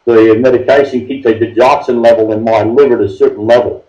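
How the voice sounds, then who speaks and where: A man's voice: mid-range voice, fairly even intonation, fast talker, dark tone. A man in his sixties with an Australian accent, chatting casually as a guest over a phone call, easygoing and rambling. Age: 60s. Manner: easygoing, rambling, says mate. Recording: roomy, dull call audio.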